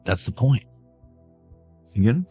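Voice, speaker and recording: A man's voice: mid-range voice, big pitch swings, a little slow, warm tone, breathy edge, soft background music. A middle-aged man giving a casual, joking card reading to his viewers, riffing on pop-culture references as he goes. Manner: playful, riffing jokes and pop-culture asides. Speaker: card reader streaming to viewers.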